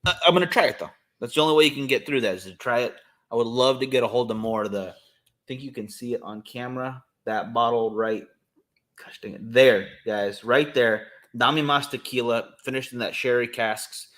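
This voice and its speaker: A man's voice: mid-range voice, fairly quick, a bit bright. A man co-hosting a podcast in a casual chat, rambling and enthusiastic, with many fillers. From California. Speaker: podcast co-host.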